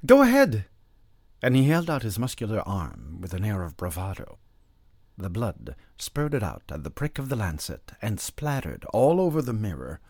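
A man reading a classic novel aloud as an audiobook narrator, in a measured storytelling manner. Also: lowish voice, big pitch swings, a little mellow, breathy edge, no echo, clean studio sound.

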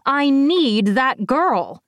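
A furious, weakened sorceress with an imperious bite, as a woman narrator voices her, pitched noticeably higher and louder than the surrounding narration. She seethes and snaps in a shrill, commanding tone. The sound is close and dry, an audiobook character voice. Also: very animated, extremely slow, dry recording, heavily acted.

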